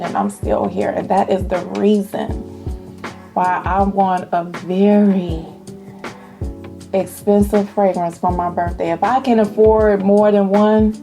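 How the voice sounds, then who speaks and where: A woman vlogging about perfume in a casual, animated way, testifying and calling her viewers y'all. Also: mid-range voice, creaky. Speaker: fragrance vlogger. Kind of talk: casual chat to camera.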